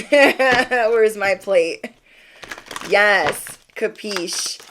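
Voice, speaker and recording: A woman speaking at a middle pitch, reading tarot cards live for her viewers. Her delivery is chatty and playful, and she keeps tossing back quick "okay?" check-ins. She sounds encouraging and talks straight to the people watching. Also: noisy background. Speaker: tarot reader. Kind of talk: livestream card reading.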